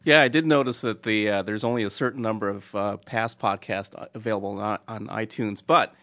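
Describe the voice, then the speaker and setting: A man helping out on a podcast with tech questions. His voice sits somewhat low, and he walks through the steps plainly with a few fillers. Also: steady tone, brisk, a bit bright. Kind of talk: casual chat.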